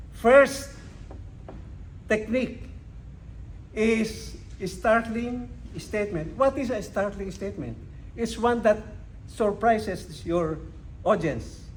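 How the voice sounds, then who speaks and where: Slow, emphatic older man giving a speech. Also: high-pitched, rough recording. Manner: slow, emphatic delivery with dramatic pauses. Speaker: club speaker. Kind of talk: educational speech to a club. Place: club meeting room.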